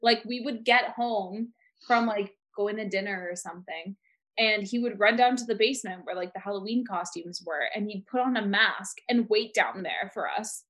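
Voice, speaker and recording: A fairly bright, mid-range voice at an ordinary pace comes from a young woman co-hosting a podcast. She chats casually, wandering off topic and using "like" a lot.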